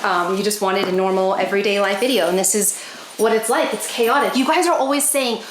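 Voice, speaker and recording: A woman's voice: mid-range voice, brisk. A woman chatting casually to her viewers while doing chores at home, talking to her dogs now and then. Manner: chatty, talks to her dogs in a bright coaxing voice. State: a bit out of breath from chores. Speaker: pet vlogger. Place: bedroom at home. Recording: echoey room, faint noise.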